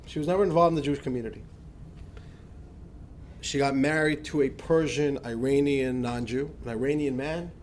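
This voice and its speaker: A man, a rabbi, telling a personal story in a lively, conversational lecture with frequent restarts. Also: mid-range voice, moderate pace, long pauses, a little hiss or hum. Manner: animated anecdotal storytelling with many restarts.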